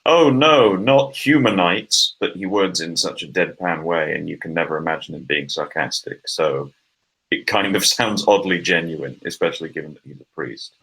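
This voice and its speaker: A young man at a tabletop game, joking and chiming in with quick asides. His voice is very deep. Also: sharp tone, breathy edge, poor audio. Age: young adult. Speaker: player. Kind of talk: casual tabletop play.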